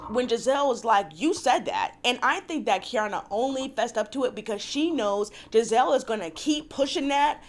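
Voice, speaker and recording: Woman venting on a recap vlog, high voice that swoops all over, cusses a lot. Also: lively intonation. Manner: profane, exasperated ranting; acts out cast members' lines in quick voices. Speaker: reality TV recap vlogger. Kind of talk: casual recap and commentary.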